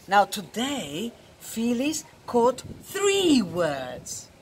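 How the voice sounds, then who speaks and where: Slow, lively woman reading a children's story. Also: on the high side, slight background noise. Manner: slow, expressive storytelling with hushed tender passages. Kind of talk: children's story read-aloud.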